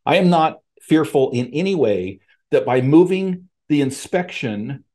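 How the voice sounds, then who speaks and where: A man's voice: on the high side, a little slow. Emphatic man hosting a podcast. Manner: emphatic, animated, addresses listeners as folks and friends. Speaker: podcast host. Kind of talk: podcast monologue. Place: home office.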